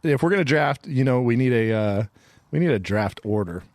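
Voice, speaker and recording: A man's voice: mid-range voice, lively intonation, fairly quick, a little mellow, no echo. A man hosting a comedy podcast, telling a playful story in casual banter and laughing often. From California. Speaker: podcast host. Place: outdoor studio.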